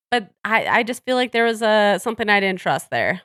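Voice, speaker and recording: A woman's voice: fairly high pitch, lively intonation, fairly quick, hardly any pauses, a bit bright, no echo. Chatty woman podcast co-host, dry mic. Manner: chatty, laughs often, trails off mid-thought. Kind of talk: casual chat.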